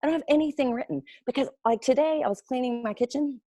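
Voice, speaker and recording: Speaking fast in a high register, this woman recruits for network marketing and is addressing her team in a relaxed webinar. She's a chatty, lively storyteller who acts out quotes in playful voices, and there's no room sound.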